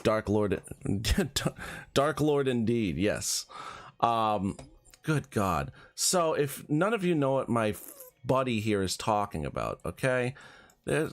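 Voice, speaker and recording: A man narrating his card-game run in loose, joking chatter. His pitch swings widely from line to line, and he breaks into laughter easily while bantering with his co-host. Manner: animated, quick swings in pitch, laughs often. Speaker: streamer playing a card game. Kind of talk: casual gameplay commentary with banter.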